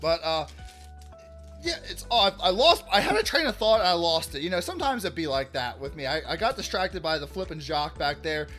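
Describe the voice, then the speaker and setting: A man hosting a casual card-opening vlog, chatty and upbeat, shouting out big pulls and often restarting his sentences. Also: a little high, lively intonation, a little fast, soft background music. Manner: chatty, hypes big pulls loudly, self-correcting restarts. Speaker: card-opening channel host.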